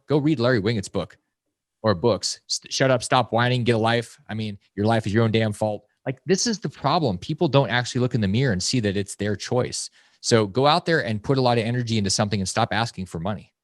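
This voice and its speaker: Fast-talking blunt man in his forties. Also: medium pitch, dry recording. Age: 40s. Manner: emphatic, swings into loud mocking quotes. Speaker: podcast guest. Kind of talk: fast, blunt podcast talk.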